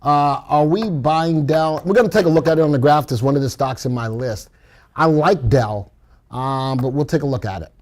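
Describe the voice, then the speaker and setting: A man's voice: fairly high pitch, normal speed, darkish tone. A man co-hosting a live stock market show, giving commentary with playful, jokey banter. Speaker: stock market instructor co-host.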